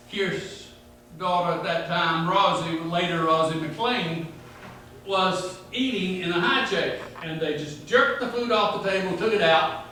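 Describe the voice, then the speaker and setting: A north Georgia man with a Southern drawl tells rambling, funny family stories in a folksy talk to a local history group. His high, bright voice rings through a very echoey room. The mic is far off, with a faint hiss underneath.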